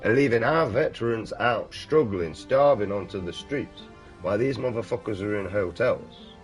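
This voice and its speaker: A young British man with a very deep voice, swearing and ranting casually while chatting to viewers on a stream. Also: animated, moderate pace, faint music behind. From United Kingdom. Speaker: gaming streamer. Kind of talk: casual livestream chat.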